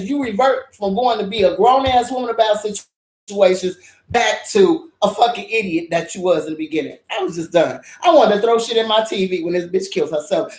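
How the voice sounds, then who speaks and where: A woman with a medium-pitched, somewhat dark voice hosts a drama review that turns into a casual, blunt rant. She swears heavily and repeats herself for emphasis, and the room echoes.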